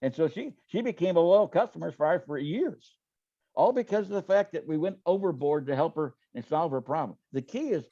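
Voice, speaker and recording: A man's voice: on the high side, animated, fairly quick, mellow, no room sound, highs cut off. A man telling business stories in a folksy, casual way, often repeating words and acting out what people said. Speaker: guest. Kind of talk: casual storytelling interview.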